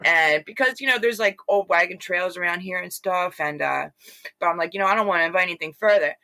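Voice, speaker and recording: A woman recounts her story as an interview guest, talking in a loose, rambling way with plenty of fillers and acted-out quotes. Her voice is bright and forceful. The sound is dry and close, with no room echo. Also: on the low side, fast. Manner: rambling, animated retelling with many fillers. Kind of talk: casual storytelling.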